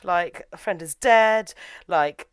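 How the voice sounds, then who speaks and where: A woman's voice: on the low side, slow, smooth, no room sound, voice pushed up. A tender-hearted young woman frets aloud, her voice lifted and anxious, as a woman telling a story puts her on. The sound is dry and close. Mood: worried.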